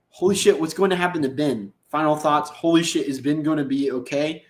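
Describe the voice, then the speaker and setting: Man, podcast host, casual rambling recap, slangy, echoey room, middle pitch. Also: a little fast, hardly any pauses. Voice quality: rambling, slangy, acts out characters' lines.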